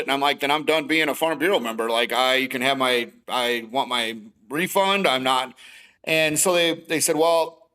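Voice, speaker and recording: A man's voice: on the high side, normal speed, pushed and bright, clear, resonant tone, rough recording. A middle-aged man, telling his story as a podcast guest and acting out both sides of each conversation. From Wisconsin. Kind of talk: casual storytelling.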